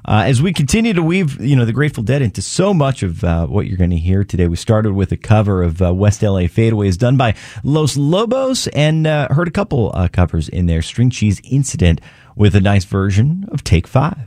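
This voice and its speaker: A man's voice: lowish voice, big pitch swings, fairly quick, warm tone, no echo, studio quality. A man hosting a music radio show, chatting loosely between songs with plenty of fillers and restarts. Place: radio studio.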